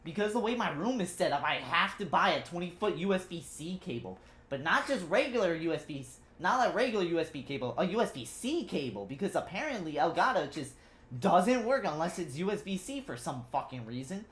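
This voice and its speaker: Angry swearing woman streamer, lively pitch. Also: a little fast. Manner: frustrated, swearing, talking to chat. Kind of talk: casual live-stream chat.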